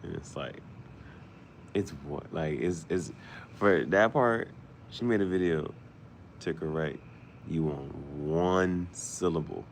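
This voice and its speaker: A man's voice: low voice, takes it slowly, gravelly, pauses often, slight background noise. A man, rambling in a loose, joking monologue and often laughing. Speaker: vlogger.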